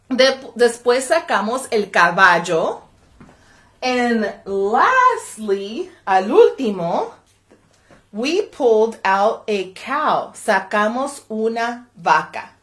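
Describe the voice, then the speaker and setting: A woman from the library reading a picture book aloud to children, switching between English and Spanish line by line in an animated way. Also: on the high side. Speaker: library storyteller. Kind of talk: bilingual children's read-aloud. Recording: echoey room.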